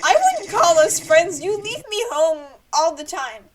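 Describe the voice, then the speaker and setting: A woman voicing a young game heroine in an exaggerated tearful, whiny way, half crying and shouting. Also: very high-pitched, big pitch swings, unhurried, recorded from a distance, heavy background noise, exaggerated voice.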